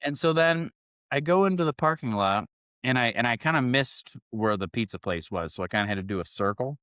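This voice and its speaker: A man's voice: mid-range voice, brisk, no echo, studio quality. A young man from the Chicago area of Northwest Indiana, telling a rambling, profane story on a casual podcast and acting out the people in it. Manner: profane, rambling, animated when acting out quotes. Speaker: podcast co-host.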